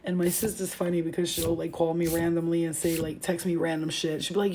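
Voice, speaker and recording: Gravelly-voiced woman telling stories, swearing. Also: on the low side, fairly quick, crowd noise. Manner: animated, slangy, swears freely. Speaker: vlogger. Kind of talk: casual storytelling to camera.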